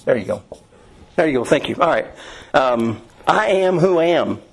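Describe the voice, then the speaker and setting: A man's voice: a little high, lively intonation, normal speed, gravelly, rough recording. Man teaching a casual Bible class. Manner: conversational, with many fillers and restarts. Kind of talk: informal Bible class lecture.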